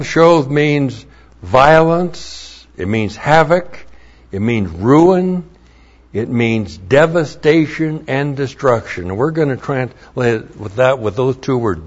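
A male Bible teacher speaks very slowly and deliberately, in a middle-pitched voice, laying out grammar point by point. He spells words out letter by letter and repeats key phrases for emphasis. The recording sounds dull and lo-fi.

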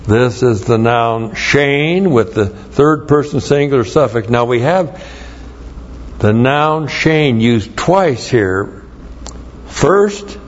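A man with a medium-pitched voice teaches a Bible lesson, going verse by verse through Hebrew words and spelling each one out letter by letter. The lo-fi recording sounds dull, with slight background noise.

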